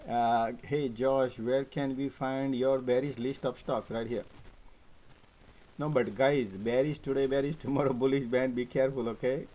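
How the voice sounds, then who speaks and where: A man hosting a casual stock market live stream, animated and repetitive, often checking "right?" with his viewers. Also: medium pitch, normal speed, poor audio. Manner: animated, repeats words, frequent "right?" and "guys". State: coughing, choked up at times.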